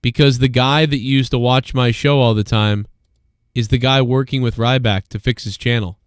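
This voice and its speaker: A man's voice: medium pitch, steady tone, normal speed, smooth, no echo, clean studio sound. A man hosting a live show, ranting casually and swearing often as he rambles. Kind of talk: casual live-stream rant.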